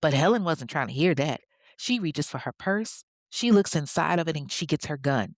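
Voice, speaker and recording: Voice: medium pitch, lively intonation, normal speed, no echo, clean studio sound. A podcast host narrating a true-crime story in a chatty way, with conversational asides.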